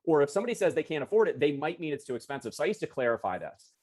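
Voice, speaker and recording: A man running a live online sales training over a video call, talking in a chatty, energetic way and correcting himself as he goes. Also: fairly high pitch, racing. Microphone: video call computer mic.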